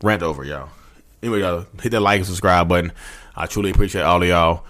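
A man in his thirties with a drawl, talking fast in a low, deep voice. He rants straight to his listeners, repeating himself for emphasis and calling them y'all. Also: fairly bright tone. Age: 30s. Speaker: YouTube host. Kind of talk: impassioned rant to camera.

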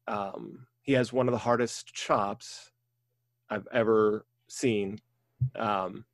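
A man's voice: on the low side, no room sound. A man, a wrestling referee telling stories in casual conversation, rambling with many ums and restarts.

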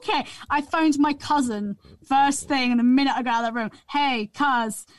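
A young woman, a guest actress, chatting on a podcast and telling lively stories about her family. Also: sits high, brisk, no echo. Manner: lively storyteller, often mimics her mum's accent. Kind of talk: casual podcast chat.

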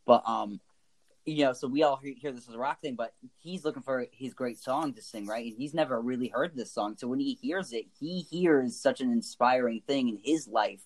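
A man's voice: mid-range voice, moderate pace, rough recording. A man co-hosting a casual music chat, talking enthusiastically and emotionally, with lots of likes and ums. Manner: enthusiastic, emotional, many fillers. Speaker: podcast co-host.

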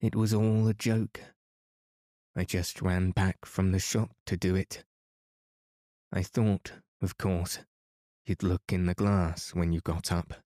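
Sullen, pleading teen schoolgirl, a man reading her in a soft, dark tone. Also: low voice, flat delivery, takes it slowly, long pauses, no echo, clean studio sound. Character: sulky scheming teenage schoolgirl.

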